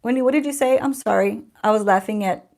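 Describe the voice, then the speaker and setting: A woman's voice: on the high side, fast talker, gravelly, a little mellow. A woman in her forties with a drawl chats through a home livestream for her beauty channel. Her talk is loose and sarcastic, and she laughs easily, as if among friends. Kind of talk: casual livestream chat.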